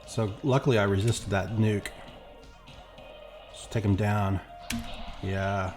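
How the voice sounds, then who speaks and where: A gameplay streamer chats casually as he plays, rambling and acting out quoted exchanges. His voice is fairly low, flat and slow, with faint music in the background.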